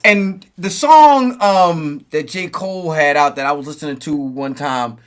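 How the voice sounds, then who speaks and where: A man's voice: a little high, a little slow, smooth. A middle-aged man co-hosting a casual hip hop talk show, rambling with frequent restarts, laughs and "you know what I mean". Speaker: podcast co-host.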